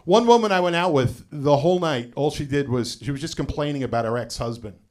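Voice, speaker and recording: A middle-aged man on stage with a voice that sits a touch high for a man. He tells his stories casually, dropping "you know" between lines and delivering the punchlines flat and dry. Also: fast talker. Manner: conversational storytelling with frequent "you know" asides. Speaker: stand-up comedian. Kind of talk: live stand-up set.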